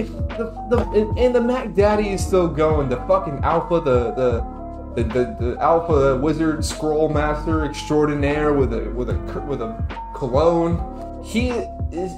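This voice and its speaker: A fairly high-voiced man ranting with sarcastic, foul-mouthed glee as he reacts to a clip. His voice bounces around a roomy, echoey space, and music plays underneath. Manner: sarcastic, profane, mock-hyped rants. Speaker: commentary youtuber. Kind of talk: comedic reaction commentary.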